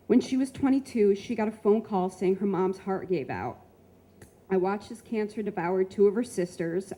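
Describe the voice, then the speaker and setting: Woman, mid-pitched, warm, dark tone, reading her own essay at a live event. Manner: measured storytelling, voicing quotes with sudden high shrieks. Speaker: featured reader. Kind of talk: reading a personal essay aloud.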